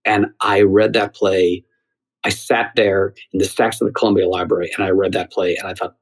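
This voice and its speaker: A middle-aged man, a theater writer and former talk show host, telling a story in an interview, lively with halting restarts. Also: sits low, slightly rough, poor audio. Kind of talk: anecdotal interview answer.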